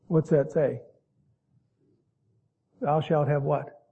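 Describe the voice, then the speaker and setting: A man preaching a sermon, reading King James verses and then explaining them in plain folksy asides, sometimes stretching words out slowly for emphasis. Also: fairly high pitch, slightly rough, phone-quality sound.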